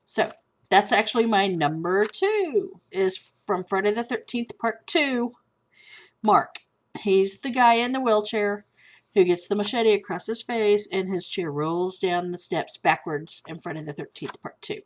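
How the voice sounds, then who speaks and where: A woman's voice: mid-range voice, a little slow. Chatty woman vlogger. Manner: chatty, candid, easily sidetracked. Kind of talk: casual chat. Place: at home with a cat.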